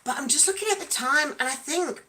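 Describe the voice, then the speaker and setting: Host-type woman on a casual livestream, fairly high voice, bubbly and playful, chats straight to viewers. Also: expressive, fairly quick, bright, forceful tone, slight background noise. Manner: bubbly, chatty, calls out viewers by name; playful, breaks into song.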